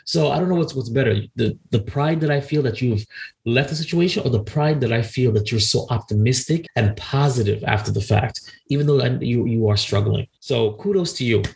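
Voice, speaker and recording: Gravelly-voiced man giving earnest advice. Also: mid-range voice, brisk, darkish tone. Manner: earnest, encouraging, emphatic. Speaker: podcast co-host giving advice. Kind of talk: casual advice chat.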